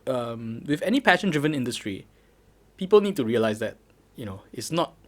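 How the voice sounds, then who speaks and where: A young man with a Malaysian English accent hosting a casual podcast chat, animated and quick to laugh. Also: mid-range voice. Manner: animated, laughs often, talks in bursts. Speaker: podcast host.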